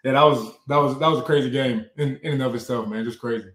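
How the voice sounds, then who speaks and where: A man's voice: mid-range voice, quick pace, a bit bright, roomy sound. A man who is a pro football player, guesting on a podcast and answering in an easygoing, casual way, often repeating phrases.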